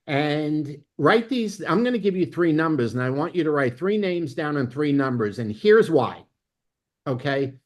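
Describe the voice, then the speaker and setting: A man's voice: fairly high pitch, moderate pace. A man leading a network marketing training, speaking emphatically and often checking in with "okay?". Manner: emphatic, peppers lines with "okay?"; excitable, bursts of laughter. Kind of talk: motivational training talk.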